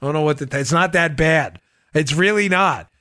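A man hosting a political podcast, delivering a sarcastic, animated commentary monologue. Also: fairly quick, no room sound, clean studio sound. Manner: animated, sarcastic, mimics people in high voices. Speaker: podcast host.

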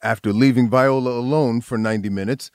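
A man's voice: medium pitch, clean tone, no room sound. Male news narrator with a dry voice-over. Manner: measured, even reporter delivery. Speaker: news correspondent and host.

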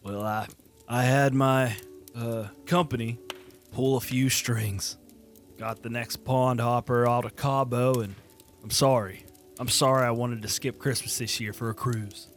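A man's voice: mid-range voice, steady tone, unhurried, soft background music, natural voice. A man playing a boastful, bossy businessman stepfather in an improvised comedy scene, blustery and swearing. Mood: blustering.

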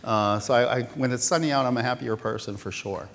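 A male pastor giving a casual, self-deprecating sermon with many pauses and restarts. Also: medium pitch, fairly bright tone. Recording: reverberant church hall.

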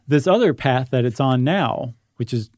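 A man in a casual podcast chat, patiently explaining big ideas with a warm, mellow tone. His voice sits in a middle register and is recorded close and dry. He thinks aloud, with the odd "um" and restart. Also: medium pitch, lively intonation, moderate pace, no echo. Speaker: podcast co-host.

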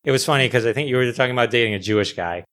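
A man's voice: mid-range voice, racing. A man hosting a podcast, chatting casually with a guest, loose and chatty with lots of fillers. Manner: relaxed, chatty, frequent fillers. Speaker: podcast host. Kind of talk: casual interview chat.

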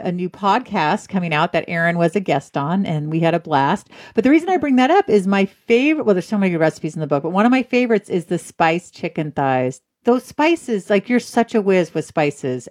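A woman hosting a casual podcast interview, chatty and self-deprecating, quick to laugh. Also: lowish voice, a little mellow. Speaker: podcast host and author.

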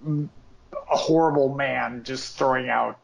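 A man's voice: mid-range voice, fairly even intonation, a little slow, vocal fry, crowd noise. A man co-hosting a podcast, talking casually in a rambling way full of restarts and fillers. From United States. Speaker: podcast co-host. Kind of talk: casual chat.

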